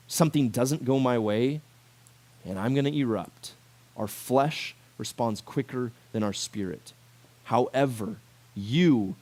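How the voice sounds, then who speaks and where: A man in his twenties giving a sermon to a youth group, talking in a casual and animated way and acting out quotes. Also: medium pitch. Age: 20s. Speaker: youth pastor.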